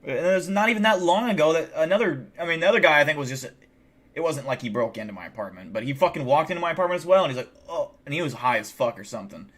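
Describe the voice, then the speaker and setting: Animated and very fast, with a fairly bright voice on the high side, a man on a live stream rambles through a story. His speech is heavily profane and packed with fillers like "like."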